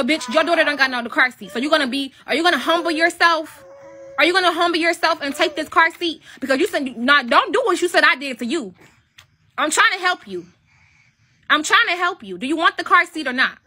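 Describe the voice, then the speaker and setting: A woman's voice: sits high, bright, forceful tone, a little hiss or hum. A woman in her twenties giving a profane, mocking commentary rant and repeating taunting questions. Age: 20s. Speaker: commentary vlogger. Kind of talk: ranting commentary.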